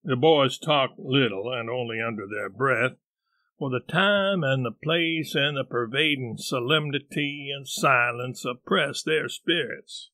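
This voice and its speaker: Male audiobook narrator, slow and measured, dry close recording. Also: medium pitch, sharp tone, no room sound. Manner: measured, deliberate storytelling.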